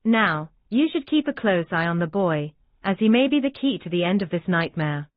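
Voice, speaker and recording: Casting: woman voicing a cold bitter professor, slow, tinny and dry. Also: fairly low pitch, sing-song, no echo. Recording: dry, tinny phone-like sound.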